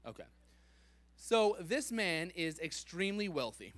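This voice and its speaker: A man giving a playful, animated sermon, joking with the congregation and laughing at himself. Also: high-pitched, a little slow. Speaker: preacher.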